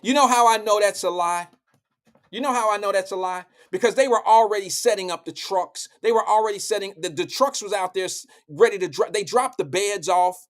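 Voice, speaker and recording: Man, live show host, high voice, blunt, profane, heated commentary. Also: a little fast. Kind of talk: political commentary.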